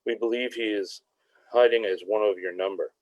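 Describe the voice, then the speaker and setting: A man voicing a stern zealot leader with a rough voice, making a public proclamation. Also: on the low side, fairly even intonation, normal speed, a little mellow, no echo, natural voice, rough recording. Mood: commanding. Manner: commanding, proclamatory.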